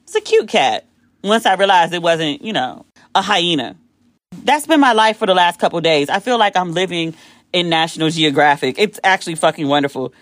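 An American woman hosting a podcast, telling a long casual story in an animated way, swearing freely and acting out the voices of people she quotes. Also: fairly low pitch, brisk, no echo. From United States. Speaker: podcast host.

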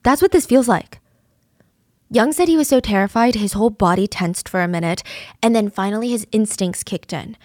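A woman's voice: medium pitch, moderate pace, no room sound, studio quality. A woman narrating a true crime story in a casual, vivid, conversational way, sometimes dropping to a whisper.

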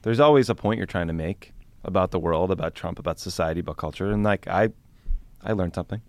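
Earnest man with a lowish voice. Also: fast talker, no room sound. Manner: earnest, upbeat introductions. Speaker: guest podcast host. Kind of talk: casual studio chat. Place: podcast studio.

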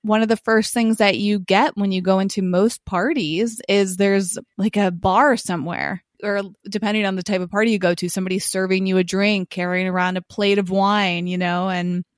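A woman's voice: mid-range voice, fairly even intonation, moderate pace, few pauses, no echo, clean studio sound. A woman co-hosting a podcast in casual chat, talking freely and laughing often. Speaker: podcast co-host.

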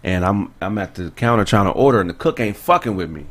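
A man's voice: on the low side, lively intonation, quick pace. A man hosting a podcast, chatting casually and telling a profane anecdote. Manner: laid-back, profane, tells anecdotes. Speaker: podcast host. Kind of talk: casual chat.

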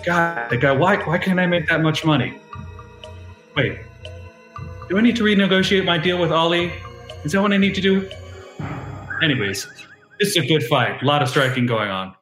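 A reckless, brash male fighter rambles through his plan, full of fillers and false starts, as a man speaks for him in his own voice. The voice sits a little high and rings with roomy echo. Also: moderate pace, pauses often, a bit bright, faint music behind, close to an everyday voice. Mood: musing.

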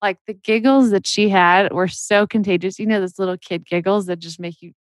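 A woman's voice: mid-range voice, steady tone, fairly quick, dry recording. A mother in her thirties co-hosting a podcast, chatting and laughing easily. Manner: warm-hearted, laughs easily, conversational. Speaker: podcast co-host. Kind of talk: casual podcast chat.

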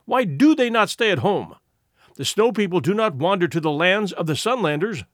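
Petulant elder, slow and complaining; male reader, dry close sound. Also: sits high, animated, dry recording. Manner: complaining, slow emphatic delivery. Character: aggrieved older male village elder, petulant.

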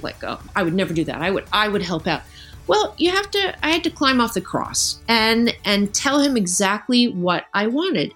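An author in middle age speaks as a guest in a relaxed interview. Her voice sits a little high and swings widely in pitch. She tells stories with energy and slips into the voices of the people she quotes. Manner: animated storyteller, acts out quoted voices. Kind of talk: casual conversational interview.

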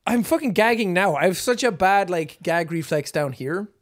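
A man's voice: sits high, moderate pace, no echo, clean studio sound. A young man co-hosting a podcast, talking casually and animatedly, prone to slipping into impressions. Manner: chatty, animated storyteller who breaks into impressions. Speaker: podcast co-host. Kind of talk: casual chat.

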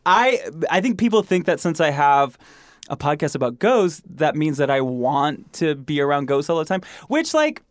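A podcast host from Michigan with a Midwestern accent, talking casually, laughing often and using many fillers. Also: male voice, a little high, very animated, normal speed, no echo, studio quality. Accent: Midwestern American. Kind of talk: casual chat.

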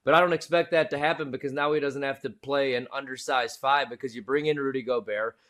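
Give me a man with an ordinary mid-pitched voice giving casual, slangy sports opinions. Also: fairly even intonation, fast, fairly bright tone. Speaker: podcast co-host. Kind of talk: sports podcast chat.

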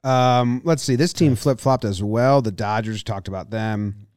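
A man chatting casually as a podcast co-host, cracking jokes and slipping into silly voices. His voice is mid-pitched and recorded close and dry, with no room sound. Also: a little slow, darkish tone, clean tone, no echo. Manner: joking, breaks into goofy voices. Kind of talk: casual sports chat.

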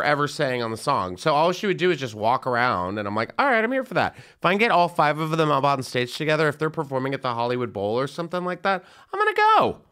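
A man hosting a casual podcast, gossiping in an animated way. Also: medium pitch, clean tone. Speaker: podcast host. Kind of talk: casual chat.

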